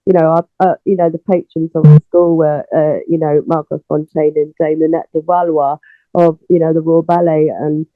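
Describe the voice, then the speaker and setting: Animated woman on a phone line. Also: sits low, moderate pace, dry recording, faint music behind. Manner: animated storyteller, acts out dialogue, many fillers. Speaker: interview guest, singer. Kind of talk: casual interview storytelling. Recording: tinny phone line, dry.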